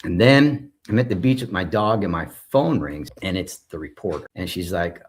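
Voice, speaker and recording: A man's voice: low voice, animated, normal speed, a little hiss or hum. A man in his forties, a former school principal, recounting his experience in conversational storytelling and acting out the dialogue he describes. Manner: recounts events while acting out quoted dialogue.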